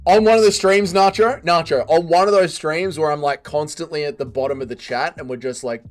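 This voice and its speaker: A man's voice: a little high, brisk, hardly any pauses. A man hosting a casual livestream, reading chat aloud, swearing often and laughing readily.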